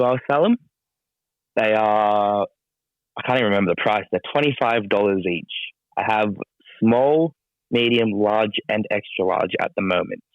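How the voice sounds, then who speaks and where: A man's voice: lowish voice, no room sound, muffled recording. A man, a pro wrestler as guest, talking casually with dry, self-deprecating humor. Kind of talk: casual interview chat.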